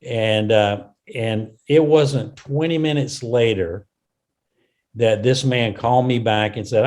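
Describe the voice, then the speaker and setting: A man's voice: medium pitch, takes it slowly, darkish tone. A man in a mid-range voice telling a story on a call-in show. He talks earnestly and loops back on his words, filling the gaps with "and, uh". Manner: earnest, repeats words and fills with "and, uh". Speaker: business mentor.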